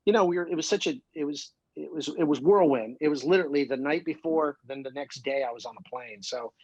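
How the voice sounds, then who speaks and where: A male musician guest from Ohio, telling excitable, rambling stories full of fillers in a casual interview. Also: a little high, fast talker, dry recording, lo-fi sound. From Columbus, Ohio.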